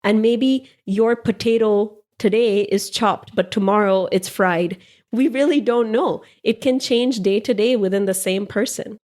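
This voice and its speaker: A woman's voice: mid-range voice, a little slow, darkish tone. Playful irreverent woman podcaster. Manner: playful, irreverent, laughs often. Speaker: podcast host. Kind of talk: spiritual monologue.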